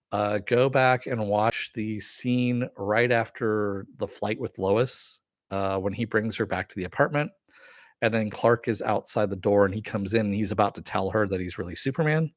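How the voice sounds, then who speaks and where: A middle-aged man hosting a live-stream review, chatting casually and answering viewer comments with many fillers and pauses. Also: lowish voice, dry recording, clean studio sound. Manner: rambling, with frequent fillers and throat clearing.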